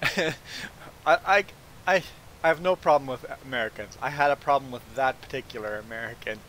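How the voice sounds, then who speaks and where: A Belizean game streamer tells a story while livestreaming a farming game, his medium-pitched voice moving fairly quickly. He's animated, stumbles over repeated "I"s, and acts out the people he quotes. The recording is rough, with a little background noise.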